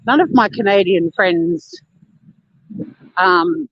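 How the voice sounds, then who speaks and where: An Australian woman chatting casually on a live stream while walking on a beach, blunt and quick to swear and laugh. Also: on the low side, no room sound, lo-fi sound. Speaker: vlogger. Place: outdoors on a beach.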